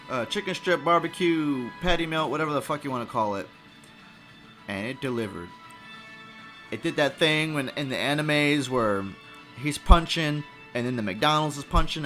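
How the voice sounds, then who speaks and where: Profane rambling man, bright voice. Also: a little high. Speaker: podcast host. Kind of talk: comedic food review monologue.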